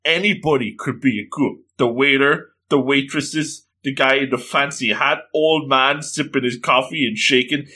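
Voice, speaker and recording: Male storyteller, exclamatory and animated, bright tone, voices the characters. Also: medium pitch, moderate pace, hardly any pauses. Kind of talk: casual retelling of a comic story.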